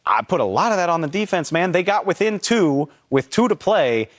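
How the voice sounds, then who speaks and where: A man on a sports talk panel, reasoning in a measured and dry way. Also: sits high, sing-song.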